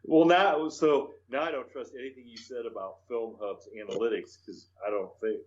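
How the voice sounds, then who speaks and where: A man hosting a podcast, asking questions in a halting, casual interview style. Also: medium pitch, fairly even intonation. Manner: halting, with fillers and restarts. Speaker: podcast host. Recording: dull lo-fi podcast audio.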